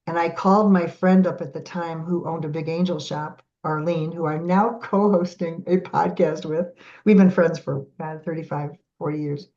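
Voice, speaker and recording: A middle-aged woman guest on a podcast, telling stories in a lively way and acting out the voices of the people in them. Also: low-pitched, moderate pace. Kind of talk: animated storytelling in a podcast interview. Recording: dull lo-fi audio.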